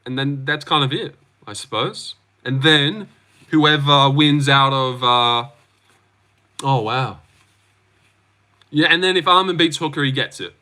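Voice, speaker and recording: Bright-voiced Australian man chatting loosely. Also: mid-range voice, measured pace, pauses often. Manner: relaxed, slangy, swears, reacts to chat. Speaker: livestream host. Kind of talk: casual livestream chat reading comments.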